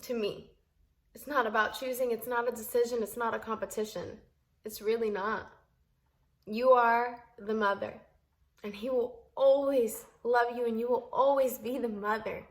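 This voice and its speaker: A woman's voice: on the high side, fairly even intonation, moderate pace. A young woman telling a storytime vlog to camera, heated and emphatic, at times tearful and earnest. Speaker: vlogger.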